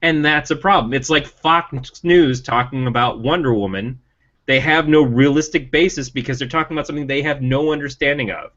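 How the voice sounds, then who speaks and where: A man's voice: brisk, a bit bright. Male co-host with firm TV opinions, emphatic delivery, slightly muffled recording. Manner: opinionated, ranting, rising emphatic pitch. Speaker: podcast co-host. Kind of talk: casual chat about TV. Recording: dull lo-fi sound.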